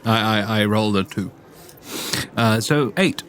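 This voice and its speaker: A man's voice: lowish voice, a little slow, a bit bright. A man playing in a tabletop role-playing game, speaking casually and stumbling over and repeating his words. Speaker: player.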